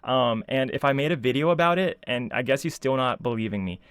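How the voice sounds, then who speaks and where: A man's voice: mid-range voice, animated, brisk, fairly bright tone, smooth, no echo, studio quality. A man ranting casually as a video commentator, sarcastic and exasperated, full of filler words. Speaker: YouTube commentator.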